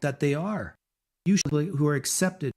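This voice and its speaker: A man's voice: a little high, a little slow, darkish tone. A man giving an opinionated monologue in a preachy way, repeating his points.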